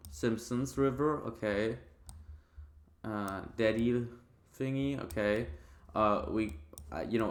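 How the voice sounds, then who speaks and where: A man's voice: on the low side, echoey room. A man hosting a let's play, reading game text aloud and breaking into casual, swear-filled commentary and laughter. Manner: swears freely, laughs at the story.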